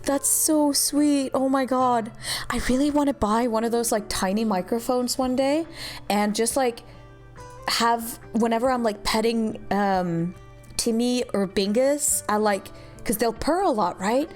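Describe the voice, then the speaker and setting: A woman's voice: a little high, unhurried, soft background music. A woman streamer chatting casually while voice acting a game, rambling with lots of fillers and the odd swear, her throat strained.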